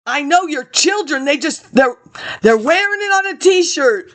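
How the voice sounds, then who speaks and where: High-voiced woman rambling between asides. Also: animated, a little slow. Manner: digressive, talks to absent people, frequent laughs and asides; reads from old documents between tangents. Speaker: webinar presenter. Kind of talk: rambling spoken commentary.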